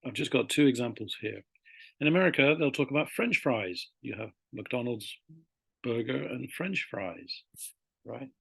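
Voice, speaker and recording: Teacher, male, gravelly and a bit husky, dry close sound, chatty and rambling. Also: medium pitch, lively intonation, a bit bright, dry recording. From Britain. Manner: chatty, rambling, with fillers and slowed-down spelled-out words. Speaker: English teacher. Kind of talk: casual classroom explanation.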